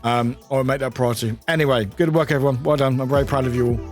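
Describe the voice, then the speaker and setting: A man's voice: medium pitch, fairly even intonation, quick pace, over music. A British man streaming live, chatting casually with viewers, swearing freely and laughing often.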